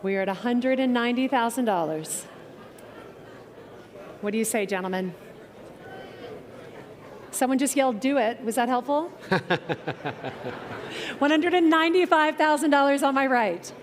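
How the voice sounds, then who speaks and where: A woman working as an auctioneer at a live car auction, calling bids in brisk patter and teasing the bidders. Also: sits high, a faint crowd. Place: auction tent at an outdoor car show.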